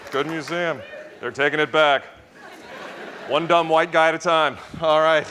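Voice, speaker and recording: Guy in his 30s doing standup, kinda high voice, self-mocking punchlines, crowd laughing in a big echoey club. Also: fairly even intonation, normal speed, sharp tone, a little hiss or hum. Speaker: stand-up comedian. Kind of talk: stand-up routine. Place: live comedy club stage. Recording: live club recording with roomy reverb and crowd. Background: audience laughter and applause.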